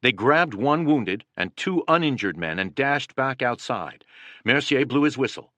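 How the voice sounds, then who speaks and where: A man narrating a war history as an audiobook in a steady, dramatic manner. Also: medium pitch, a little slow, dry recording. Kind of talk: scripted narration.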